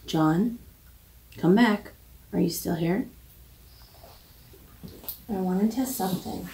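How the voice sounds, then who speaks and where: A woman's voice: lowish voice, slow, gravelly, warm tone. Woman coaxing a spirit in a basement. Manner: coaxing, repeated commands. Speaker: paranormal investigator. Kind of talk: calling out to a spirit during a ghost hunt. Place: old basement, indoors. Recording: echoey basement, mic at a distance.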